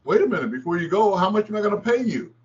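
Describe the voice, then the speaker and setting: A man's voice: high voice, big pitch swings, quick pace, dull audio, pitched above the performer's own voice. A man voicing an older male TV station manager who questions him in a startled, flustered way.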